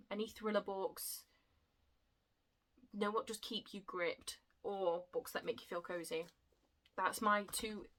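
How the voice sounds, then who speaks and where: A woman in her young adult years talks to her viewers in a chatty, excitable way and laughs at her own stumbles. Her voice is bright and clear. She is a book vlogger, speaking casually to the camera. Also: mid-range voice, low-quality recording.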